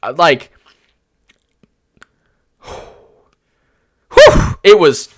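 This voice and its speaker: A young adult man with a slightly high voice talks through a tier list in a loose, casual way. He is excitable and rambles, piling up fillers as one story runs into the next. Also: extremely slow. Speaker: anime YouTuber.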